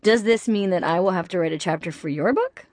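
A middle-aged woman with a lowish voice, speaking close to a studio mic in a dead, dry booth. Her delivery is dry and teasing, full of quick jokes as she introduces a guest for her audiobook. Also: darkish tone, dry recording. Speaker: audiobook author and host. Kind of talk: playful studio banter and audiobook reading. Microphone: studio microphone.

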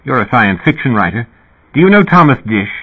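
A man's voice: medium pitch, very animated, fairly quick, slightly rough, pitched above the performer's own voice. A man voicing a genial, amused male musician with a slight British accent and a twinkling, lilting manner. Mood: chatty. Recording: tinny phone-like audio.

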